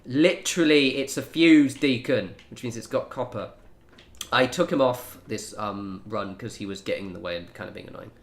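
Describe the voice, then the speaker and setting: A man's voice: medium pitch, normal speed. A young man chatting casually while he streams a game, rambling in asides to his viewers. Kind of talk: casual gameplay commentary.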